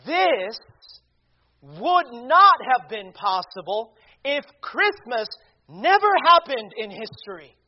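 A man preaching a sermon, deliberate and emphatic, asking rhetorical questions. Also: very high-pitched, sing-song. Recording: dull lo-fi recording.

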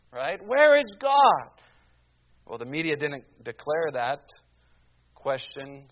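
Man, preacher, sermon, slow deliberate delivery, rhetorical questions, fairly high voice, muffled lo-fi sound. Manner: emphatic, rhetorical questions, slows down on key phrases.

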